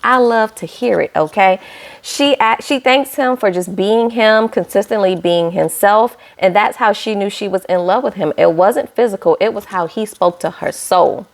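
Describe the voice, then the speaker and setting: A woman, recapping a reality show episode in a chatty, animated way and talking straight to her viewers with playful asides. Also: medium pitch, moderate pace, creaky. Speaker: reality TV reviewer. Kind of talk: casual recap vlog.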